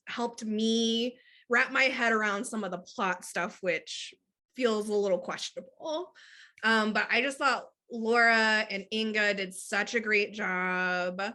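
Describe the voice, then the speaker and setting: Woman host, bright, thoughtful analytic chat. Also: medium pitch. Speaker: podcast host. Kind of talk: casual chat.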